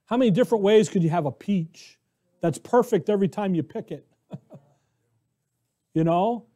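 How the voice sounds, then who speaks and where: An American man preaching a conversational, animated sermon who acts out the voices of biblical characters. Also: high voice, moderate pace. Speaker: pastor.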